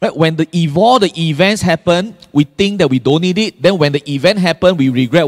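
A man preaches a sermon in a fairly high voice, driving each point home with rhetorical questions to his listeners. His voice rings out with the long reverb of a church hall. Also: brisk. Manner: emphatic, asks the congregation frequent rhetorical questions. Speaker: pastor.

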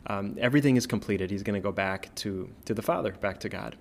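Man, pastor type, relaxed scripture talk, slightly low voice, keeps asking "right?". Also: fast, gravelly. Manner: conversational, checks in with "right?", many fillers. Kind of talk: casual Bible teaching.

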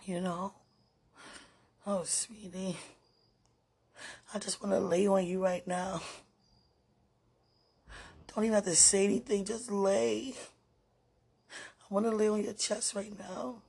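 A woman giving an emotional, prayerful spiritual monologue on a podcast, repeating phrases and often dropping to hushed murmurs. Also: mid-range voice, little pitch movement, slow, vocal fry, long pauses, slightly rough. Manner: repeats phrases, many fillers.

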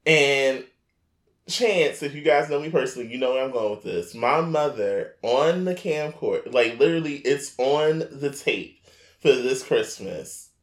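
A man, telling a Christmas story on a casual podcast in a lively, laughing, slangy way. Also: medium pitch, measured pace, roomy sound. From New York tri-state area.

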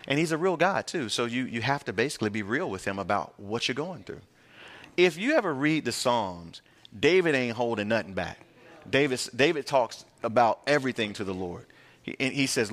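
A man's voice: mid-range voice, lively intonation, normal speed, a bit bright. A male pastor, teaching a verse-by-verse Bible sermon in a conversational, emphatic way and using plain everyday words.

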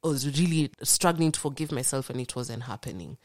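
A woman's voice: a bass voice, lively intonation, a little fast, dry recording, studio quality. A young woman, earnestly and animatedly retelling a painful personal story as a podcast guest.

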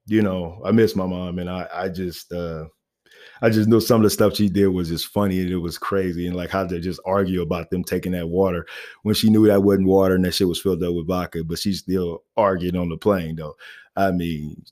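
A man's voice: low voice, fairly even intonation, brisk, a little mellow. A man telling a personal story in a casual, rambling way, full of fillers. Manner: rambling, laid-back, many fillers and "you know what I mean".

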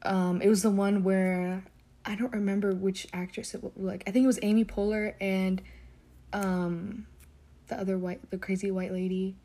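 A young woman talks straight to the listener in a loose, rambling monologue. She piles up fillers and restarts as her frustration keeps boiling through. Her voice sits at a mid pitch for a woman. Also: little pitch movement, normal speed, warm tone. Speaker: commentator. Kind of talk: casual monologue.

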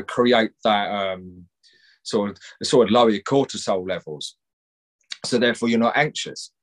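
A man, a mental health counsellor, speaking as a guest in a candid podcast conversation, rambling and swearing freely. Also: on the low side.

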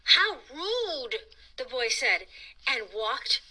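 A woman reading a picture book aloud for children with a high, very bright voice. Her pitch leaps around as she plays up each moment, and she takes her time over the words. The delivery is playful and dramatic throughout. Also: big pitch swings, very slow, low-quality recording. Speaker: children's storyteller host. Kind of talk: animated read-aloud storytime.

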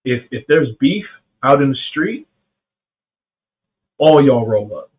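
A middle-aged man from South Carolina hosts a faith podcast, speaking slowly in a mid-range, animated voice. His reflective talk is casual and earnest, full of "man" and restarted sentences, and the audio is narrow-band like a phone.

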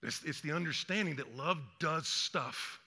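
Gravelly, bright-voiced man preaching in a reverberant hall. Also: a little high, moderate pace. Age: older. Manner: energetic, conversational, acts out quotes. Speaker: pastor. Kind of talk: sermon. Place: church sanctuary.

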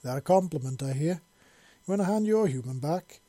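A man voicing a horned, passionate young female lover who speaks softly and emotionally. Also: fairly high pitch, animated, a little fast, pitched above the performer's own voice.

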